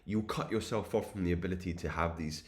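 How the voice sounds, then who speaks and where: A young man with a very low, deep voice delivers an earnest spiritual pep talk to his viewers. He builds his points in repeated, rhythmic lists, and his tone is preachy and insistent. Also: quick pace. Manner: earnest, repetitive, preachy cadence. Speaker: self-improvement channel host. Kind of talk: spiritual motivational monologue.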